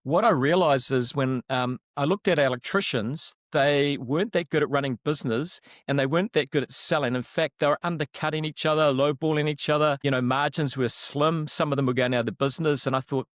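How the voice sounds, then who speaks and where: A middle-aged man with a New Zealand accent, a relaxed, self-deprecating interview guest who laughs easily. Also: a little high, fairly quick, hardly any pauses, no echo, clean studio sound. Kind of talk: casual interview talk.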